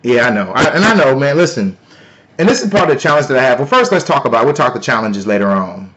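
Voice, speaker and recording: A man hosting a live stream, talking loudly and playfully to his viewers in a casual sales pitch. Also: big pitch swings, fast talker. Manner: loud, playful, talks to chat. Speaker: livestream host.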